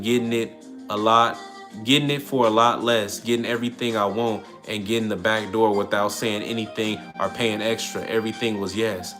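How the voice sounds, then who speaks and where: A man's voice: medium pitch, a bit bright. Slangy, preachy man over music. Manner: slangy, preachy, full of rhetorical questions. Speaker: livestream host. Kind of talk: casual livestream monologue. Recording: music under the voice. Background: music playing.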